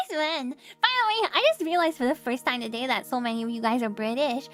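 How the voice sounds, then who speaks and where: Giggly high-voiced woman game streamer. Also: fast, few pauses, fairly bright tone. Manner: giggly, chatty, thanking viewers. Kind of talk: live game stream, reading dialogue aloud. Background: faint game music.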